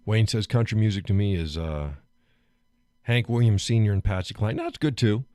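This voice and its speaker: A man's voice: lowish voice, moderate pace, warm tone, no room sound. A man hosting a live stream, chatting casually, joking, laughing often and getting worked up as he rants.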